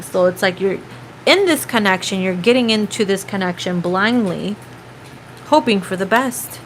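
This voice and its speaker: A woman's voice: medium pitch, animated, normal speed, a little hiss or hum, rough recording. A woman giving a casual tarot reading, chatty and profane, now and then breaking into snatches of song. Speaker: tarot reader.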